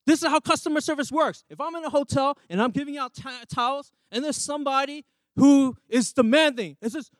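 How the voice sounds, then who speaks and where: A man's voice: very high-pitched, lively intonation, a little fast, a bit bright, no echo. A man who is a pastor, preaching a sermon and often asking the congregation questions. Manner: emphatic, asks the congregation questions. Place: church.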